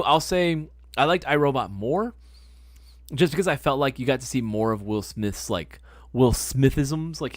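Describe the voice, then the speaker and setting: A man's voice: medium pitch, no room sound, clean studio sound. A young man hosting a live stream, answering chat questions in a laid-back, slangy way, swearing now and then and repeating his phrases. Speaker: livestream host answering chat.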